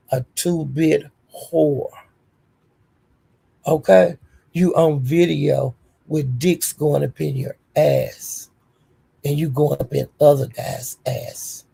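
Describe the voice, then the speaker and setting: A woman livestream host tells a story in a heated, profane rant. Her voice is dark and mellow in tone, yet heavily gravelly and very husky. She scolds and jumps between storytelling and insults. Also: on the low side.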